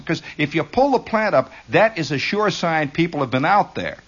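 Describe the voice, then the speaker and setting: A man telling a rambling, humorous story from his youth, with frequent asides and acted-out shouts. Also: a little high, normal speed, slightly rough, lo-fi sound. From Indiana. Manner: animated, rambling, shouts and laughs for effect.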